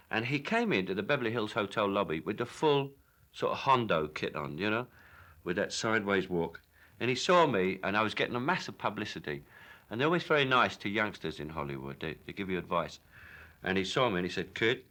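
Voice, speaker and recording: Cockney actor, low voice with a bright edge, wry storyteller who stumbles into sentences. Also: male voice. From London, England. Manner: wry storytelling with hesitant restarts. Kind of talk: anecdotal interview.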